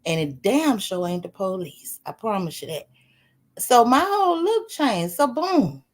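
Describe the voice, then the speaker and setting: A woman livestreaming, casually telling a story to her chat. She is animated, swears freely, laughs as she talks and keeps throwing questions to her viewers. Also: medium pitch, unhurried. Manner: laughs while talking. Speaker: live streamer.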